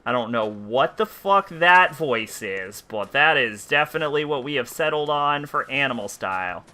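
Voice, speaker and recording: A man's voice: mid-range voice, lively intonation, normal speed, pushed and bright. Profane grumbling male game streamer. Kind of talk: casual gameplay commentary.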